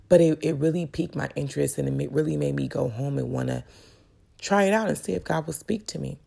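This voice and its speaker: Woman vlogger, heartfelt testimony, dark gravelly voice. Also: low-pitched, fast talker. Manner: earnest, emotional, addresses viewers directly. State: tearful at times. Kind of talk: personal faith testimony.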